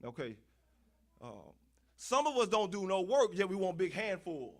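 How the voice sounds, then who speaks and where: High-pitched guy preaching, swings up and down a lot, says y'all, keeps repeating lines. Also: moderate pace. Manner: animated, rhetorical questions and repetition; folksy, addresses congregation as y'all. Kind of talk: sermon.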